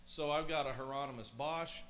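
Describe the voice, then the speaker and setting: A man's voice: medium pitch, moderate pace, fairly bright tone. A middle-aged man hosting a livestream, reading a children's book aloud and chatting enthusiastically in rambling asides. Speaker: livestream host. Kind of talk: casual reading and chat on a livestream.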